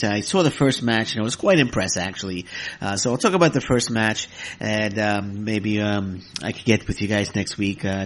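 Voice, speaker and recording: A man hosting his own wrestling podcast, ranting in a heated, exasperated way, with many fillers and some cursing. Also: fairly low pitch. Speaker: podcast host. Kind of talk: solo wrestling podcast rant.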